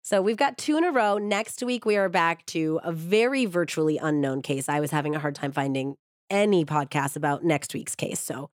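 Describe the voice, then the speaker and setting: A woman hosting a true crime podcast, her voice husky and a touch hoarse from a cold. She sits a little low in her range and talks with chatty warmth before settling into a steady narrating read. The studio sound is close and dry. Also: dry recording. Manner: upbeat and chatty, with a measured storytelling read.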